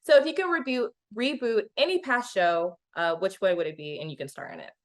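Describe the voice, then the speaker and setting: A woman's voice: medium pitch, fairly quick. A woman hosting an interview, asking questions in an encouraging, casual way. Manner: warm and encouraging, frequent "you know". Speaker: interview host.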